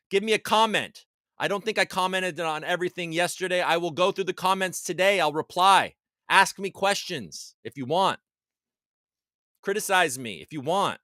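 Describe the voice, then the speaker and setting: Male streamer host, loose and chatty, bright tense tone, dry mic. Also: fairly high pitch, dry recording. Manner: loose, chatty and swearing, with laughs and shout-outs. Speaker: livestream host. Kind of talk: casual livestream chat, reading out viewer comments. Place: home basement.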